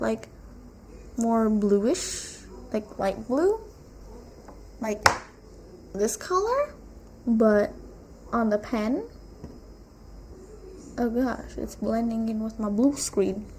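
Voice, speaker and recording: Slow, chatty woman retelling a book. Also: fairly high pitch, very animated, a little mellow, slight background noise. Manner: chatty, rambling, full of "like" and asides. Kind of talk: casual retelling of a novel. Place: room at home with a blue wall.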